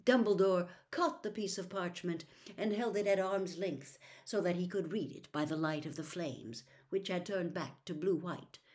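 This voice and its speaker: A woman reading a novel aloud as a storyteller, narrating in a steady, expressive way. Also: on the low side, moderate pace.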